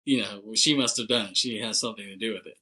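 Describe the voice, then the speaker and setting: Man, podcast co-host, bright sharp timbre, casual movie recap, chatty, laughs, swears. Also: on the low side, fast talker, husky, poor audio. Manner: loose and chatty, heavy on "like", laughs often, swears.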